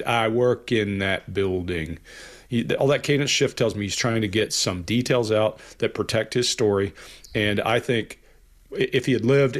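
A man in a casual panel discussion, giving a confident analysis of someone's speech cadence. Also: on the low side. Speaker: body language analyst.

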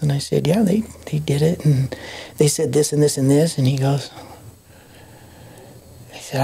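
A middle-aged man tells a personal story as a podcast guest. His voice is husky and mellow, and he acts out the people he quotes with animated changes of voice. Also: a little high, moderate pace, pauses often. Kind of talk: storytelling testimony.

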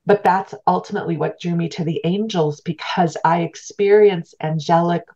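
A middle-aged woman with a notably low voice speaks as an interview guest. She recounts a personal story in an earnest, heartfelt and reflective way. The recording sounds somewhat muffled and lo-fi. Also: steady tone, moderate pace, mellow. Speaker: guest, spiritual teacher.

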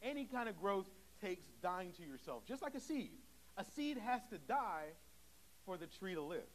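High-voiced young preacher, conversational. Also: male voice, big pitch swings, moderate pace, a little hiss or hum, low-quality recording. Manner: conversational, acts out little quoted dialogues. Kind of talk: sermon. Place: church sanctuary.

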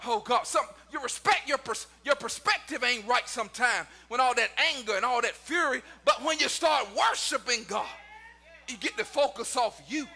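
A man preaching a sermon to his congregation and online viewers, his voice climbing into shouts and sung cadences. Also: very high voice, normal speed, faint music behind. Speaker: pastor.

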